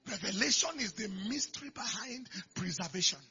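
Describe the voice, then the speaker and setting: A man preaching a sermon, moving from quiet storytelling to loud shouted declarations. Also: high-pitched, lively intonation, a little fast, breathy edge. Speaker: pastor. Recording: dull lo-fi recording with faint music.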